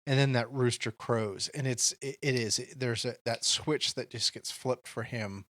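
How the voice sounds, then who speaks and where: A man co-hosts a podcast, talking through a casual discussion in an earnest, reflective way. His voice is mid-range and fairly bright, moving at a moderate pace, and the recording is dry and studio quality.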